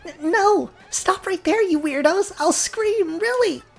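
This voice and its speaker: A man raises his voice into a sassy young schoolgirl sidekick in a video game, peppy and full of encouragement. Her voice bounces around with lively pitch swings, raised above the performer's own register, and the delivery stays chirpy and upbeat. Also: moderate pace, slightly rough, faint music behind, full character voice. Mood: defiant.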